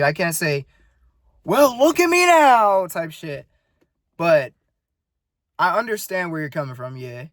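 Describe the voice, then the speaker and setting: A man's voice: on the high side, a bit bright, dry recording, studio quality. A nineteen-year-old man rambling in a casual video diary, earnest and full of swearing. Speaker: vlogger.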